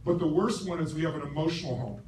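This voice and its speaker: A middle-aged man speaks at a live seminar, asking a large audience questions and swearing freely. His voice sits high for a man and is forceful throughout. The recording catches him from a distance in a roomy hall, with loud background noise. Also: fast. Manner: forceful, profane, asks the crowd questions. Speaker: motivational speaker. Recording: roomy stage recording from far off, noisy.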